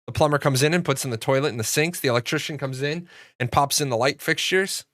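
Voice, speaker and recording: A man's voice: medium pitch, quick pace, a bit bright, no echo, clean studio sound. A man hosting a gaming channel, talking casually and at length, swearing freely and acting out bits of dialogue as he tells a story. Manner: profane, rambling, acts out dialogue in storytelling. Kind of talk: casual commentary monologue.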